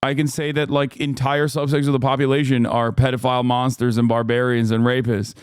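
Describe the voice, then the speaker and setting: A male streamer talks through a clip in loose, profane, sarcastic commentary. His voice is smooth and resonant, and the sound is close and dry with no room around it. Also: medium pitch, flat delivery, brisk, no echo. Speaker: streamer reacting to a debate clip. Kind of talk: casual live-stream commentary.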